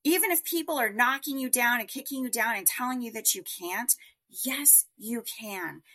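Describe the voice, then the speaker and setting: A woman telling her story as a guest in a podcast interview, chatty and animated, with many fillers. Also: a little high, moderate pace.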